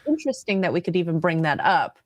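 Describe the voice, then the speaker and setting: A woman from Canada co-hosts a live stream, chatty and giggly, often losing her thread mid-sentence. Her voice sits a little low for a woman. The sound is close and dry. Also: very animated, fast talker, no room sound. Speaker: podcast co-host. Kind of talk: casual live-stream chat.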